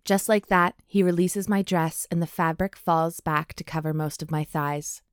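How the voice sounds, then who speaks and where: Her lowish voice holds a steady tone in a dry, clean studio recording. She co-hosts a podcast, chatting casually and reading a steamy romance aloud, lingering breathily and slowly on the hot lines and laughing often.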